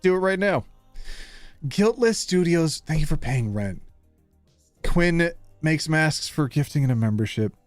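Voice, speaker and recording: A man's voice: on the high side, lively intonation, unhurried, pauses often, no room sound, faint music behind. A man from Canada, a streamer in casual live-stream chat, bubbly and playful with a lot of laughter.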